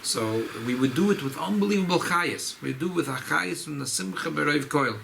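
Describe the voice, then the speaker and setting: Gravelly rabbi at a farbrengen. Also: male voice, fairly high pitch, lively intonation, moderate pace, fairly bright tone, a little hiss or hum, rough recording. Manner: repetitive, restarts phrases, mixes Yiddish and Hebrew terms. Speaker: rabbi giving a farbrengen talk. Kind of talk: informal Chassidic talk at a gathering.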